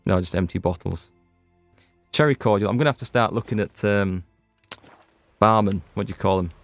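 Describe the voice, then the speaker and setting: A man's voice: on the low side, a little fast, no echo. A man with a Northern Irish accent giving rambling, chatty let's-play commentary while he streams a game. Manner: chatty, rambling, self-interrupting. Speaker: gaming streamer. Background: faint game music.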